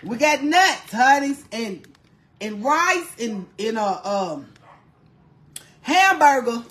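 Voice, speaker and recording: Woman, AAVE, cooking vlog, bawdy gossip, calls everyone honey, bright sharp voice, faint background hiss. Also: fairly high pitch, sing-song, slow, reverberant. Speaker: cooking vlogger. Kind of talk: casual cooking vlog chat.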